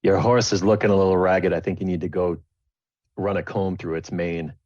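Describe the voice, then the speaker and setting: Man as a blunt cold father, low voice, dull dry recording. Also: steady tone, brisk, darkish tone, no room sound, natural voice. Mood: curt. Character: gruff, curt middle-aged father.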